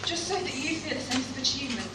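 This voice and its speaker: A woman with a high voice tells a funny, self-mocking live stand-up testimony. She sounds some way from the mic in an echoey coffee shop, with loud background noise all around her. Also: expressive, fast talker, far from the mic. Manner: humorous, self-mocking storytelling. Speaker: stand-up performer. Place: coffee shop performance space.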